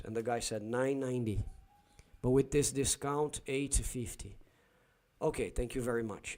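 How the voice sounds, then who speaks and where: Male livestream host, Brazilian Portuguese accent, mid pitch, animated anecdotal storyteller. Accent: Brazilian Portuguese, São Paulo. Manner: animated storyteller, acts out dialogue, frequent restarts.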